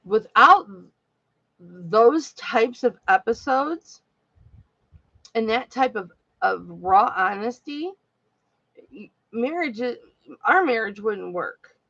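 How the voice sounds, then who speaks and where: A woman with a gravelly, creaky voice talks slowly and candidly to her live-stream audience. Her speech is heartfelt and rambling, recorded close and dry. The audio has a slightly dull, lo-fi edge. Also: a little high, expressive, fairly bright tone, dry recording. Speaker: live-stream jewelry seller. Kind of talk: casual live-stream chat to viewers.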